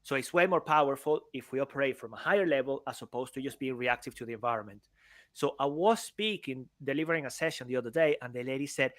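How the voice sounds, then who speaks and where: A man's voice: a little high, lively intonation, fast talker, fairly bright tone, no echo. A man co-hosting a podcast, giving an upbeat sponsor plug and explaining a speaking framework. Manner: upbeat promo patter, then explaining a framework. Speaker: podcast co-host. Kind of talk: podcast conversation.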